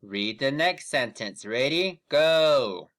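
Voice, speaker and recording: A man teaching an online reading lesson, giving patient, encouraging prompts and drawing out words slowly when reading aloud with students. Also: medium pitch, expressive, fairly bright tone.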